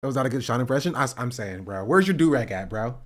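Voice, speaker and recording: A man's voice: mid-range voice, expressive, fast. Sarcastic laughing male streamer. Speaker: livestream host. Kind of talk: casual stream commentary.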